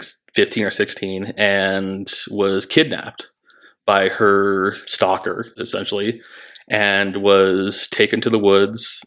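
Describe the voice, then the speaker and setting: A man with a fairly low voice recounts his time as a treatment center staff member. He speaks candidly and reflectively. He halts often and restarts his sentences. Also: fairly bright tone. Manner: halting, reflective, many restarts. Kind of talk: candid conversational storytelling.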